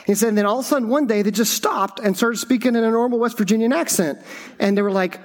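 A man's voice: high voice, brisk. A middle-aged man, a campus pastor, giving a conversational sermon full of stories and fillers. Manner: conversational, anecdotal storytelling with frequent fillers.

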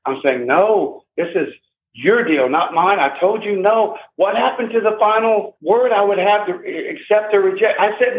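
A man's voice: high-pitched, moderate pace, a little hiss or hum. A man in his sixties, an interview guest, telling his own story in an emphatic, agitated way and repeating himself. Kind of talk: emotional first-person account. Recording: tinny phone line with echo.

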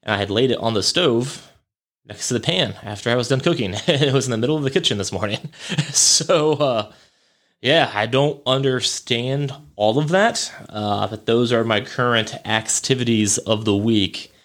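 A man's voice: medium pitch, moderate pace, a bit bright. A young man hosting a podcast, rambling through a casual story with lots of fillers, swearing and chuckles. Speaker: podcast host.

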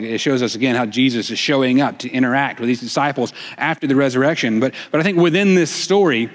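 A man preaching a sermon, retelling a story and voicing the dialogue in a shifting, expressive way. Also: medium pitch. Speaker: pastor. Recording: long reverb of a church hall.

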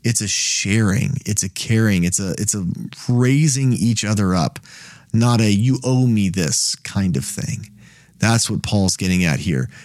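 A man's voice: on the low side, expressive, a little slow, a little mellow, no echo, studio quality. A man hosting a Bible study, teaching in a conversational way and checking in with frequent "right?" questions and restarts.

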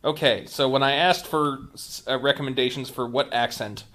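A man with a Midwestern accent runs a tabletop game as game master, speaking at a mid pitch. He narrates and keeps the rules moving in a relaxed, wry way. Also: moderate pace. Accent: Midwestern American.

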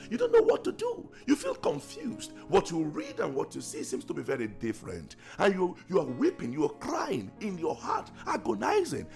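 A man's voice: medium pitch, gravelly. A male preacher leading an impassioned, repetitive prayer and prophetic exhortation, sometimes breaking into tongues.

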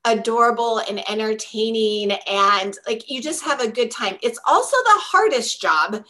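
Woman, 50s, co-host; higher, bright voice, excitable and upbeat. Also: moderate pace. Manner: enthusiastic, excitable. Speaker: podcast co-host, teacher. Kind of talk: casual chat.

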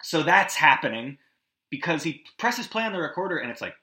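Brief: male podcast host, lively pitch, bright tone, echoey room, casual recap. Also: normal speed. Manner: animated, swearing, acts out scenes with yelps and hummed music.

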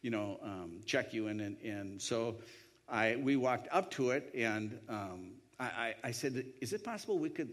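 A man's voice: fairly low pitch, a little slow, a bit bright. A man telling a personal anecdote in a rambling way, with many restarts and voiced quotes. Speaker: storyteller. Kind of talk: anecdotal storytelling.

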